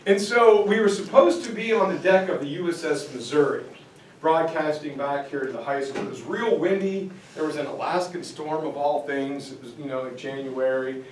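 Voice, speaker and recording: A man giving a history lecture to parents, telling stories in a casual, lively way. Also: a little high. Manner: casual, animated storytelling. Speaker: high school teacher giving a parent lecture. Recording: echoey room, distant mic, faint noise.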